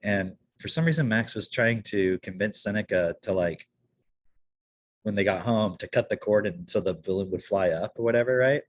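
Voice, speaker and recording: A man's voice: on the low side, moderate pace. Rambling storytelling man on a podcast. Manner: rambling anecdotal storyteller, frequent restarts. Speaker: podcast co-host. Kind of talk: casual podcast chat.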